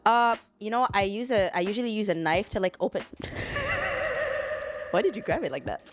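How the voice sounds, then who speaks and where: A woman's voice: mid-range voice, quick pace, very noisy. A woman hosting a podcast, telling a story in a rambling, profane, casual way. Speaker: podcast host. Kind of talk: casual chat.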